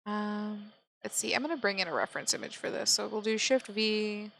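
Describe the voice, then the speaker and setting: Woman, software tutorial, gravelly, unhurried, calm step-by-step instructions. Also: medium pitch, rough recording. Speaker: 3D modeling tutor. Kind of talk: screen-recorded software tutorial narration.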